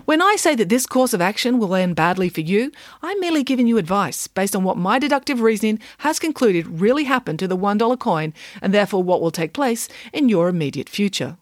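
A woman voicing a calm, precise schoolgirl who lays out her deductions. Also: medium pitch, brisk, few pauses, dry recording, clean studio sound, close to an everyday voice. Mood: coolly logical. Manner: calm, clipped, reasoning. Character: cool, precise schoolgirl detective.

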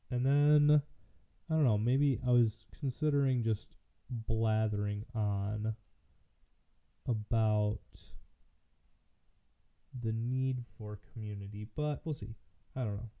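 A man's voice: medium pitch, clean tone. A man from Michigan hosting casual political commentary, rambling and hesitant with many fillers and restarts, sounding tired. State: tired, yawning. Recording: muffled lo-fi audio.

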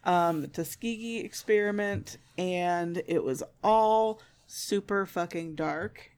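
A woman co-hosting a casual podcast chat, sarcastic and quick to swear and laugh. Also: on the low side, a little mellow, clear, resonant tone. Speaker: podcast co-host.

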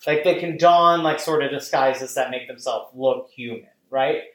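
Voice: mid-range voice, normal speed, echoey room, rough recording. A podcast host talking casually and animatedly, full of fillers and frequent swearing. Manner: rambling, animated, profane, many fillers. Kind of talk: casual chat.

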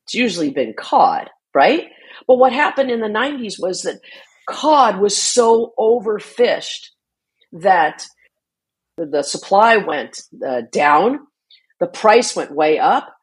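A woman's voice: mid-range voice, sing-song, slow, slightly rough. A woman speaking as an interview guest, explaining earnestly in a conversational way, with frequent restarts and fillers. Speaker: interview guest, shark conservation advocate.

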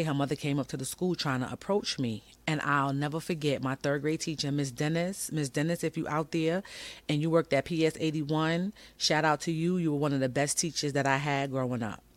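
A woman's voice: deep voice, no echo. Brooklyn woman telling her own story, emphatic and frank, dry room. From Brooklyn, New York. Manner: candid, emphatic, conversational. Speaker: podcast host. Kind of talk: personal storytelling monologue.

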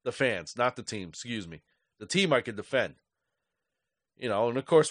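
A man's voice: medium pitch, animated, moderate pace, no room sound. Middle-aged male podcast host, angry profane rant, dry recording.

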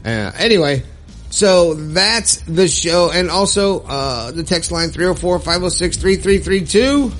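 A man's voice: sits high, expressive, a little slow, fairly bright tone, soft background music. A middle-aged man hosting a solo podcast, talking in an earnest, upbeat, rambling way about staying positive, with casual swearing. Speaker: podcast host.

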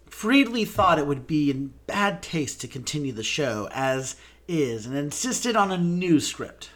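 A man's voice: fairly high pitch, sing-song, unhurried, a bit bright. A man co-hosting a theater podcast, playful and fond of puns. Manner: playful, punning, sings snatches of show tunes. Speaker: podcast co-host. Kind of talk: scripted podcast discussion.

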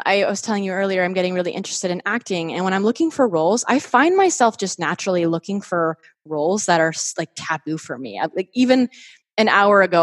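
A woman's voice: on the low side, no room sound, clean studio sound. A woman guest on a podcast, talking in a chatty, enthusiastic way with many filler words. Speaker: podcast guest and host of her own show. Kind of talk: casual podcast conversation.

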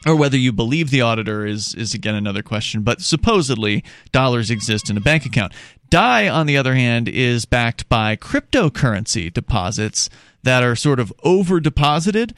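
A man's voice: medium pitch, expressive, fairly quick, fairly bright tone, clear, resonant tone, no room sound. A man co-hosting a talk show in casual chat, explaining step by step and reading news passages aloud with small restarts. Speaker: podcast co-host.

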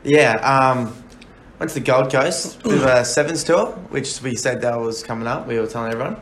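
A young man tells a rowdy trip story in loose, laughing, swear-laden chat. His voice sits at an ordinary pitch and carries the echo of a bare room. A faint hiss runs under it. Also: moderate pace, a bit bright. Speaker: podcast co-host. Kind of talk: casual banter. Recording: echoey room with faint noise.

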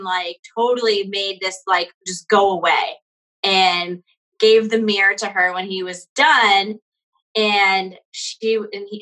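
Bright-voiced chatty woman in her forties. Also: medium pitch, low-quality recording. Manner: rambling storytelling with frequent "like" and laughs. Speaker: podcast co-host. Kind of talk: casual chat.

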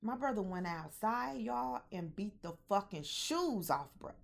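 With a medium pitch, vocal fry, and a measured pace, the young vlogger shares a personal story openly and energetically with her viewers. She speaks to them directly, curses a lot, and has a mixed Southern and Midwestern American accent.

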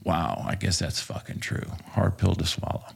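Man, husky, very low voice, casual storytelling, swears a lot, many ums. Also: little pitch movement, normal speed. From Texas. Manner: profane, rambling, lots of fillers. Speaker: podcast guest, former police officer.

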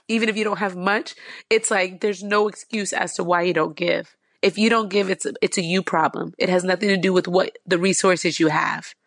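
A woman's voice: medium pitch, fairly bright tone, no room sound. Woman, interview guest, earnest, filler-heavy, dry close sound. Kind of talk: emotional personal storytelling.

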